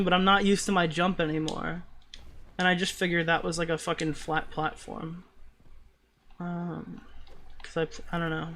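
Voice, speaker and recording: A man's voice: fairly high pitch, little pitch movement, moderate pace, a bit bright. A man with a New York accent streaming a game live, chatting casually with viewers and swearing in frustrated outbursts at his gameplay. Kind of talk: live gaming stream chat.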